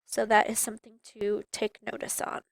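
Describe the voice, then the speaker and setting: Calm woman teacher explaining a project. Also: mid-range voice, normal speed, vocal fry, dry recording, low-quality recording. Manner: calm, explanatory, addresses students. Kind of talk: classroom instruction video.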